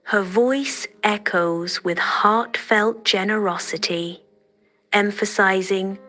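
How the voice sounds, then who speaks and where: Female fairy-tale narrator, unhurried and bright-toned, soft delivery. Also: mid-range voice, faint music behind. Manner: gentle, measured, dreamy.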